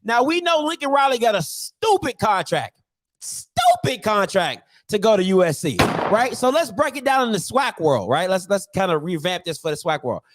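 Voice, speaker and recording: A man hosting a sports commentary show, talking in a joking, animated way and repeating phrases for emphasis. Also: high voice, moderate pace. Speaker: show host.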